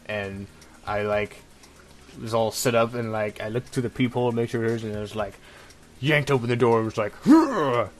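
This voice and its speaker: A man's voice: fairly low pitch, steady tone, a little fast. A young man hosting a podcast, talking in a laid-back way and saying "like" often. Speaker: host. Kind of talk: casual chat.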